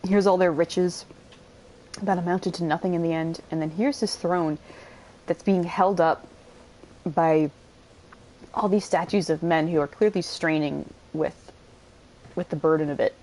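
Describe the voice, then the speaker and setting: A young woman giving casual gameplay commentary, thinking aloud and pausing on fillers while she eats dinner. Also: on the low side, fairly even intonation, darkish tone. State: eating while talking. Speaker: gameplay streamer.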